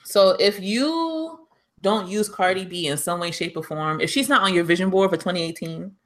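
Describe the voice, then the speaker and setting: A woman's voice: fairly low pitch, normal speed. A woman with a New York accent, co-hosting a podcast in chatty, emphatic casual talk and laughing often. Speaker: podcast co-host. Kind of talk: casual chat.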